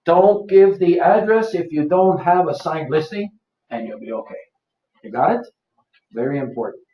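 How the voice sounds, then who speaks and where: A man's voice: on the high side, expressive, normal speed. A man presenting a live seminar workshop, quizzing the audience and repeating his points to drive them home. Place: office seminar room. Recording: roomy, distant, dull lo-fi.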